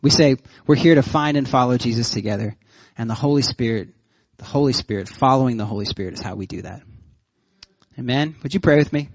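Man, pastor preaching, animated storyteller, dry close sound, slightly dull lo-fi. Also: mid-range voice, brisk, no room sound. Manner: animated storytelling, laughs often. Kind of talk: sermon.

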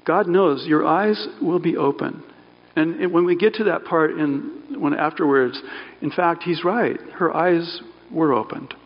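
A man with a slightly high, gravelly voice, preaching a sermon in a relaxed, conversational way, correcting himself mid-sentence and adding asides. His voice rings with long reverb, as in a church hall, and the sound is a little dull. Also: measured pace. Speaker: pastor.

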